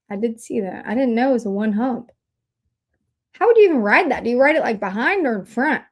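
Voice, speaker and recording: A bubbly, excitable woman hosts a casual livestream, chatting away to her viewers. Her voice sits high and bright. She talks into a desk mic at her computer. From Indiana, USA. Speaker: livestream host.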